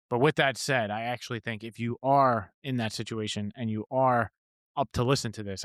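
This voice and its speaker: A man co-hosting a podcast who speaks in a measured, earnest way and chimes in often with short agreement. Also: medium pitch, no room sound, studio quality. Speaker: podcast co-host. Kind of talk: casual podcast chat.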